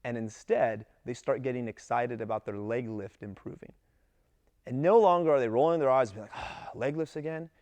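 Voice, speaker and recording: A man coaching gymnastics coaches in a casual talk, lively and acting out what his athletes say. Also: medium pitch, brisk, dry recording. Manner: animated, acts out athletes' voices in quotes.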